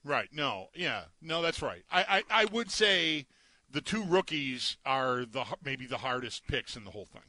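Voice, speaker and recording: A co-host on a sports betting radio show speaks at a medium pitch in a sing-song, sharp tone and moderate pace, with no room sound. He rambles casually and stammers, restarting his sentences many times.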